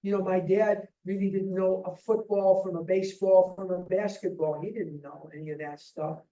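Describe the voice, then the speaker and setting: Older man, about seventy, high-pitched, emphatic heartfelt testimony, distant mic in a roomy hall. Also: fairly even intonation, normal speed, warm tone, lo-fi sound. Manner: heartfelt, emphatic storytelling with restarts. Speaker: speaker sharing at a recovery retreat. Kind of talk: personal testimony talk.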